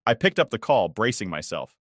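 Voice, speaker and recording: Man, story narrator, scripted first-person reading, steady, dry sound. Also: on the low side, a little fast, no echo.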